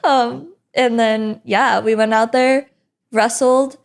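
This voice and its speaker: A young woman talks through a story from her early wrestling days in a relaxed interview, often breaking into laughter and slipping into quick impressions of the people in it. Her voice sits a little high for a woman, with an animated, chatty flow that keeps moving. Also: vocal fry. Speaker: guest, professional wrestler. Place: indoor interview set.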